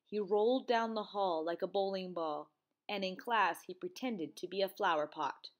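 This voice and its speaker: A woman teacher reading a children's storybook aloud, in an expressive, sing-song way. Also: medium pitch, moderate pace.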